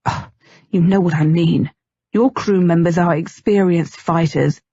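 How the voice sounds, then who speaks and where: A woman's voice: fairly low pitch, steady tone, a little slow, dark tone, breathy edge, no echo, muffled recording. A woman reading a brooding undead young man. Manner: gloomy, terse, frustrated. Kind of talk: audiobook character reading.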